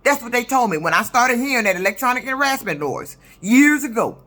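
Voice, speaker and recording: A woman's voice: fairly high pitch, lively intonation, fairly quick, a bit bright. A woman in her fifties, a truck driver, telling a story in an indignant, profane, emphatic rant for her vlog. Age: 50s.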